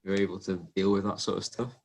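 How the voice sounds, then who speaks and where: A young English athlete guests in an informal interview, talking fast in a gravelly, somewhat low voice that stays fairly flat in pitch. He tells his stories loosely, with lots of ums and minor restarts.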